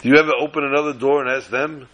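A man voicing an exasperated male townsman who scolds a beggar in rapid, indignant bursts. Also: fairly high pitch, steady tone, fairly bright tone, a little hiss or hum, lightly acted, low-quality recording.

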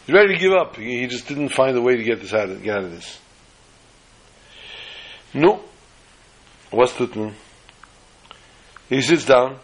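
A man telling a story aloud, acting out the characters' lines with a raised, excited voice. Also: medium pitch, measured pace, long pauses, slightly rough, rough recording. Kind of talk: animated oral storytelling.

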